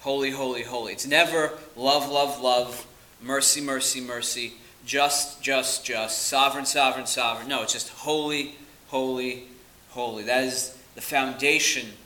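Male pastor, very bright tone, earnest emphatic delivery. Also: mid-range voice, rough recording. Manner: earnest preaching with emphatic repetition. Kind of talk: sermon.

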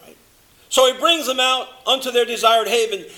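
Male preacher with a high, bright voice; dramatic sermon delivery, stretching key words. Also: fairly even intonation. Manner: dramatic, swings from loud emphasis to low hushed delivery, slows for stress.

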